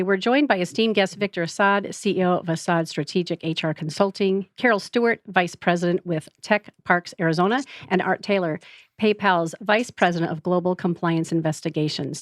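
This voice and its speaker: A woman's voice: medium pitch, brisk, no echo, clean studio sound. A woman co-hosting a podcast panel interview, giving upbeat, formal introductions. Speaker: podcast co-host and producer.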